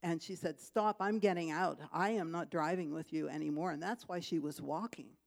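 A woman telling two testimonies to her church, chatty and lively, with laughs and fillers as she tells the story. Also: fairly low pitch, moderate pace, creaky. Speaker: church member giving testimony.

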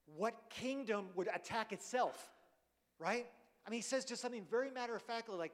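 A man's voice: very high-pitched, a little fast. A man preaching a sermon in a conversational way, often checking in with "right?", his voice carried by the long reverb of a large church hall.

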